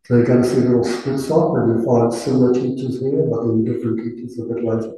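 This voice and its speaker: A man's voice: medium pitch, steady tone, fast talker, mellow. A man giving a chatty, informal talk to a class, rambling with fillers and tag questions. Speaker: dharma teacher. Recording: roomy, distant room mic.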